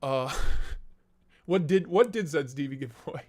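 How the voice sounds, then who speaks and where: A young man chats casually on a live stream, his voice run through a voice changer that sits a touch high. He drifts between product talk and replies to chat, loose and easygoing. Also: lively intonation, a little slow, darkish tone. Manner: casual, chatty, reads out chat and laughs.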